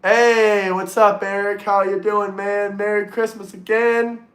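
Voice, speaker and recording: A man hosting a casual livestream and talking to his chat, excitable, swearing freely and repeating himself. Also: sits high, measured pace. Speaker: livestream host reading chat. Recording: roomy echo.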